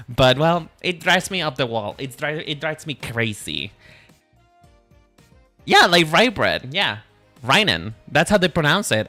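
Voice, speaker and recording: Man streamer, very lively and bright, chatty and profane, talks to chat, faint music under him. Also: mid-range voice. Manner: animated and swearing, laughs often, talks straight to chat. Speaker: streamer with an animated avatar. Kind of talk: casual live-stream chat with viewers.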